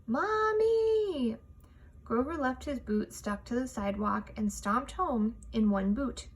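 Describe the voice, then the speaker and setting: A woman reading a children's picture book aloud, expressive and measured. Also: fairly high pitch, slightly rough. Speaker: storytime reader.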